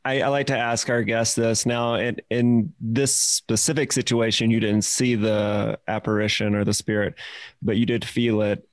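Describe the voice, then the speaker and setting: A man hosting a podcast, asking his guest questions in a relaxed, conversational way. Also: fairly low pitch, normal speed, no echo. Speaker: podcast host. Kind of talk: casual interview chat.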